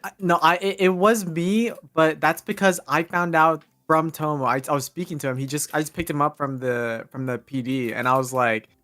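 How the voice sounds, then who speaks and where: A man's voice: a little high, fairly even intonation, normal speed, fairly bright tone. A man in a casual chat about a role-play game, stammering and restarting as he explains.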